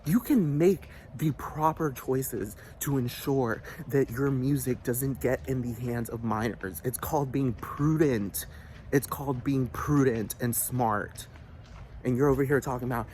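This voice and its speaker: A man's voice: medium pitch, unhurried, darkish tone, slight background noise. A man delivering a heated, profane rant, repeating himself and asking again and again if the listener understands. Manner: agitated, repetitive, profane, keeps asking "do you understand". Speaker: vlogger.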